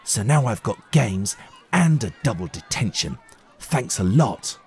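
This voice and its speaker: A guy doing a sulky cheeky schoolboy, bit higher, slow storybook reading. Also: sing-song, a little mellow, breathy edge, some chatter behind, heavily acted. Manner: sulky, hissing.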